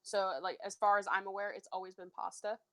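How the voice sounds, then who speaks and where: A woman's voice: medium pitch, flat delivery, a little fast, sharp tone, no room sound. A woman from Ontario with a Canadian accent, chatting animatedly with fellow tabletop players, swearing freely and laughing often. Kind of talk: casual chat between game players.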